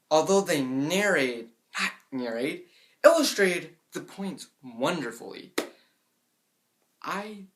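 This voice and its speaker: A young man giving casual advice in a vlog. He admits he tends to speak in a monotone, and he fills his talk with "I mean" and "like". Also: a little high. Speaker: vlogger giving tips.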